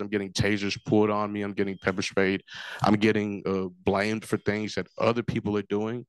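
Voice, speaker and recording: A man from Africa speaks in a low voice, earnest and steady, looping back to the same memories again and again. The sound is dry and close, with no room around it. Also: dry recording. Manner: earnest, repetitive storytelling. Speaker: forum speaker. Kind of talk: personal testimony.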